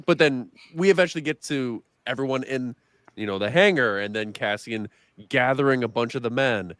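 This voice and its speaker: A man's voice: mid-range voice, moderate pace, fairly bright tone, no echo. A man co-hosting a casual fan podcast, making his case and challenging the others. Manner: argumentative, pushes back on others. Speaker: podcast co-host.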